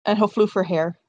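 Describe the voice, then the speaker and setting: A woman's voice: mid-range voice, highs cut off. A woman playing a tabletop game, casually narrating her character's actions with lots of restarts, giggles and the odd swear. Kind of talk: casual role-play narration.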